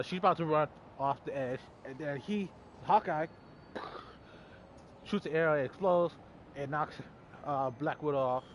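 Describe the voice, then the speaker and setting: A man's voice: on the high side, muffled recording, slight background noise. A man recapping a film's plot in a loose, rambling way, with lots of fillers and some swearing. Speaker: movie reviewer. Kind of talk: casual spoiler recap.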